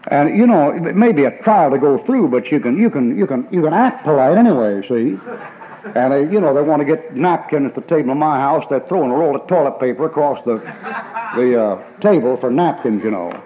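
A man preaching a sermon in a voice on the higher side for a man. He is folksy and emphatic, hammering his points home and acting out the people in his stories with bursts of laughter. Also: expressive, a little fast, mellow, dull audio. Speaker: pastor.

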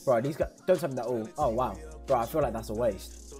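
A man, commenting excitably as he opens football game packs for his stream viewers and yelling at big pulls. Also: mid-range voice, fairly quick, soft background music. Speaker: gaming streamer. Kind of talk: excitable pack-opening commentary.

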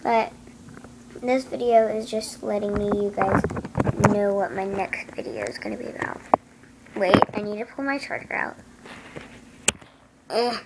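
A woman's voice: mid-range voice, normal speed, pauses often. A woman chatting casually to her camera at home, rambling and hesitant with lots of ums and restarts. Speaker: vlogger. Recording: clear background noise.

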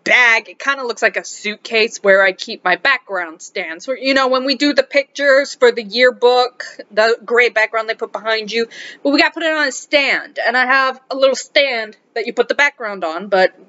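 A woman who teaches high school English, from South America, telling a story in a casual vlog, animated and exasperated, dropping to muttered asides. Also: normal speed. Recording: dull lo-fi recording.

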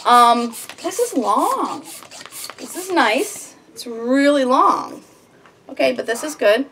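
A woman on her home farm chats to herself as she works, fretful and a little whiny. Her pitch leaps up and down, and it sits a bit higher than most women's. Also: lively intonation, takes it slowly, a bit bright, a little hiss or hum. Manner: fretful, whiny, talks herself through tasks. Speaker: homesteading vlogger. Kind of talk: casual self-talk while crafting.

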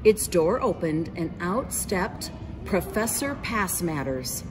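A woman's voice: on the low side, very animated, takes it slowly, music in the background. A woman reading a children's picture book aloud, narrating expressively and voicing the characters.

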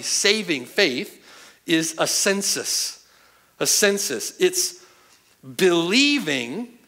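A man delivers a sermon from the pulpit in a high, bright voice that leaps and falls with emphasis. He drives home each point and checks with his listeners as he goes. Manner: emphatic, asks the hearers "right?" and "okay?" often. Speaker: pastor. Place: church sanctuary.

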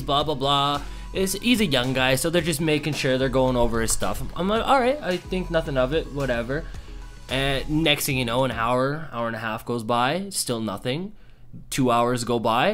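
A young man casually telling a story to camera, acting out quotes with lots of fillers. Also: on the high side. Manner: animated, acts out quotes, many fillers. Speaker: YouTuber.

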